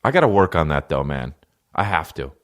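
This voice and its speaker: A man's voice: a bass voice, very animated, a little fast, fairly bright tone. A man in his thirties from New Jersey, hosting a comedy podcast with a rambling, profane, laid-back monologue. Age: 30s.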